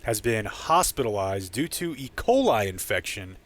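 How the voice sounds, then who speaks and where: A man's voice: lowish voice, sing-song, moderate pace, a bit bright. Wry, jokey man co-hosting. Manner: wry, jokey, laughs at his own bits. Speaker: podcast co-host. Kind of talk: casual comedic chat.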